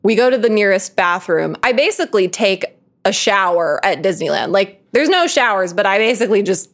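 A young woman co-hosting a podcast, telling a story in a casual, animated way, laughing often and saying "like" a lot. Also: mid-range voice, a little fast. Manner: animated, laughing, full of filler "like".

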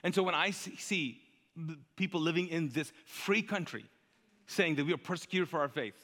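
A man preaching a sermon as pastor, animated and joking, growing louder and higher as he tells a story. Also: normal speed. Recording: reverberant hall.

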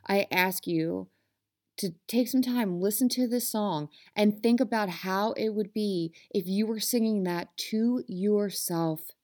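A woman's voice: mid-range voice, takes it slowly, a little mellow. Passionate woman giving a motivational talk. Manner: earnest and passionate, speaks directly to listeners. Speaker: self-help podcast host.

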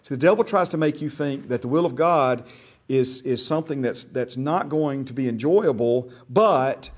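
A man's voice: mid-range voice, normal speed. A man teaching a church discipleship class in a folksy, conversational way. He often checks in with his listeners and restarts his sentences. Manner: checks in often with "right?" and "okay?"; folksy, with frequent restarts and repeated words.

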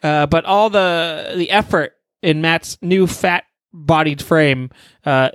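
A man's voice: a little high, slow, fairly bright tone, no room sound, clean studio sound. A young man casually improvising a crude, joking story, rambling with many fillers.

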